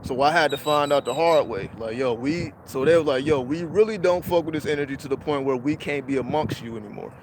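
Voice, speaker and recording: A man's voice: fairly high pitch, fairly quick, hardly any pauses, a little hiss or hum. A man hosting a livestream, telling a personal spiritual story in casual, profane street slang. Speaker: livestream host.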